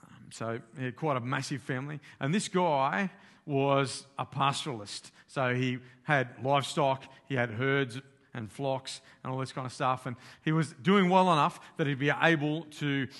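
A man's voice: mid-range voice, normal speed, fairly bright tone. A man giving a sermon, retelling a story in plain, conversational language with everyday slang. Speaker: preacher.

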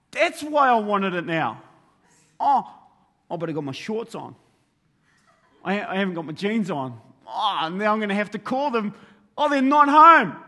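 A man preaching a sermon, telling everyday stories with animated delivery and acting out his own thoughts. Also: extremely high pitch. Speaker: pastor. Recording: long reverb of a large hall.

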